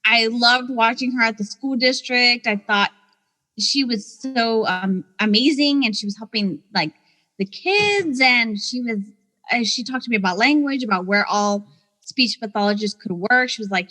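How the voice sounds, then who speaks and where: A woman speech pathologist telling a story in a casual, animated way, acting out quoted voices and laughing often. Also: a little high, normal speed, long reverb tail, poor audio. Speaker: guest speech-language pathologist.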